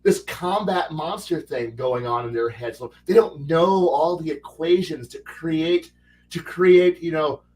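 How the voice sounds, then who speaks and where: A man's voice: a little high, a little slow, a little mellow, distant mic, rough recording. A man who is a guest on a casual panel chat about tabletop gaming, rambling animatedly with many restarts.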